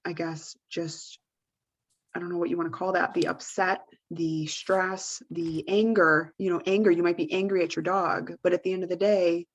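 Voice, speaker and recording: A woman's voice: fairly low pitch, flat delivery, moderate pace, dull audio. A woman co-hosting a podcast in a casual advice chat, rambling and full of fillers like "like" and "you know". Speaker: podcast co-host.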